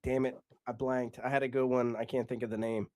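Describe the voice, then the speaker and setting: A man's voice: medium pitch, level tone, dark tone. An American man co-hosting a podcast, joking around in crude, casual banter. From United States. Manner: joking, crude, drawn-out delivery. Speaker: podcast host.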